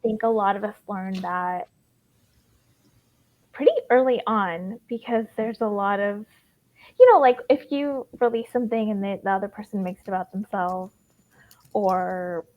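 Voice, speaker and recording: A woman's voice: medium pitch, narrow, tinny audio. A woman life coach in a casual group discussion, talking earnestly in long run-on thoughts full of "like".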